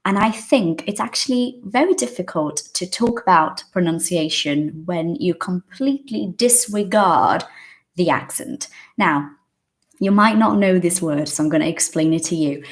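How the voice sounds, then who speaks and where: A woman's voice: fairly low pitch, a little slow. A woman teaching a live English lesson, greeting viewers by name, explaining words and asking questions in a chatty way. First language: Portuguese.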